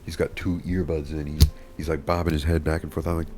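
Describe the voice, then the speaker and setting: A man's voice: extremely low pitch, fairly even intonation, quick pace, darkish tone, slight background noise. A man telling a comedic story in a rambling, mock-serious way, stumbling over repeated words. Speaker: video creator. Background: background music.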